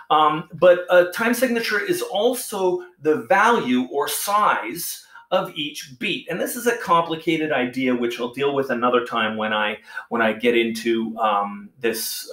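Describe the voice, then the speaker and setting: A man's voice: medium pitch, measured pace, a bit bright. Man teaching music in an echoey room. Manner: explains patiently, counts beats aloud. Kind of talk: casual music lesson.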